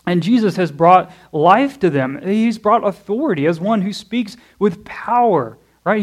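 Preacher, male, higher register, conversational sermon with frequent audience check-ins. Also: normal speed, few pauses. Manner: conversational, checks in with "okay?" and "right?"; asks questions to the audience and answers them. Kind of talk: expository sermon. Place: church.

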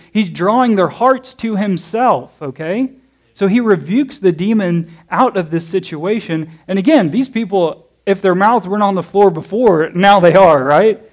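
Preacher, male, higher register, conversational sermon with frequent audience check-ins. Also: darkish tone. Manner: conversational, checks in with "okay?" and "right?"; asks questions to the audience and answers them. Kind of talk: expository sermon. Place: church.

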